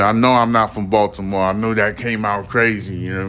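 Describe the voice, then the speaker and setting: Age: adult. Sex: man. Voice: very low. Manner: blunt, emphatic, swears. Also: fairly even intonation, fairly quick, few pauses, fairly bright tone. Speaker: podcast host. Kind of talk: solo commentary podcast.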